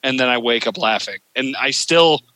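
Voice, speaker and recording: A man's voice: mid-range voice, normal speed, sharp tone, no echo, rough recording. A man hosting a podcast, telling a rambling, profane story full of fillers in casual chat. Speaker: podcast host.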